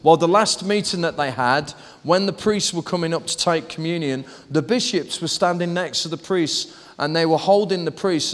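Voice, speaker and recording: Man preaching, high voice, animated storytelling, echoey church hall. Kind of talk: lively sermon.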